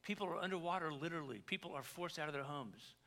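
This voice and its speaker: A man, a pastor, preaching a sermon in a conversational way, with joking asides and big swings between quiet and loud. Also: fairly high pitch, fast talker.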